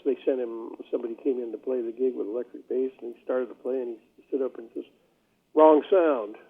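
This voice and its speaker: An older man, a jazz bassist being interviewed, telling stories in a rambling way with many fillers. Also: little pitch movement, fast, gravelly, slightly rough. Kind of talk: casual interview talk. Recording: phone-like line.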